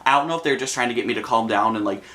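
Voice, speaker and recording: A man's voice: medium pitch, racing, bright, forceful tone. A young man casually recounting a personal story for his vlog, chatty and full of fillers. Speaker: vlogger.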